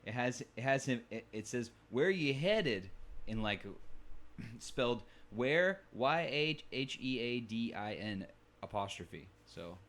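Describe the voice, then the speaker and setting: A man's voice: medium pitch, expressive, slow, fairly bright tone. A man hosting a book club podcast, reading a novel aloud and now and then stumbling over words.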